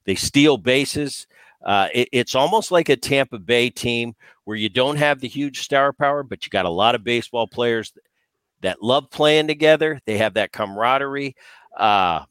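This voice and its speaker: A man who is a former player and co-host, talking baseball in casual, animated chat full of restarts. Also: medium pitch, normal speed, clear, resonant tone, dry recording. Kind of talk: casual sports talk.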